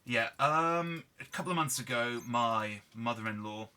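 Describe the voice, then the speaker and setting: Subdued man, very bright timbre, candid gameplay chat. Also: mid-range voice, a little slow, clear, resonant tone. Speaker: gaming video host. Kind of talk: casual gameplay commentary.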